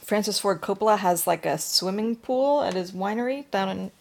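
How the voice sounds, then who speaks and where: An adult woman telling stories in a casual group discussion, with lively asides. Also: medium pitch, normal speed, gravelly. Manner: chatty storytelling, lively asides. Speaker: discussion participant.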